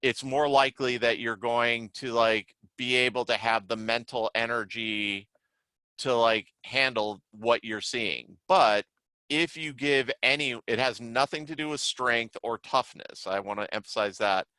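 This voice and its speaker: A man, a trainer and psychiatrist, lecturing in a relaxed, conversational way with many filler words. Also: medium pitch, unhurried, smooth, no echo, poor audio. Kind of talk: casual online lecture.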